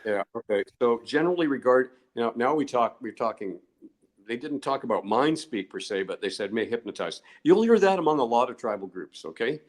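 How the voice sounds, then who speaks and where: Older male interview guest; digressive, chuckling storyteller at an average pitch. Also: animated, a little fast. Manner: rambling, digressive, chuckles often. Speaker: guest researcher.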